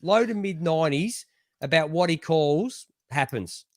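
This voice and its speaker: An Australian man co-hosting a casual football chat, blunt and halting as he circles back over his words. His voice sits slightly high and sounds dry and close. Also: expressive, no echo. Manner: blunt, halting, repeats words, says "mate". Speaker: podcast co-host.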